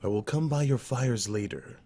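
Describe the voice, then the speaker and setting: A man voicing a calm old male tribal elder and seer in a storybook reading, measured and instructive. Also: mid-range voice, natural voice.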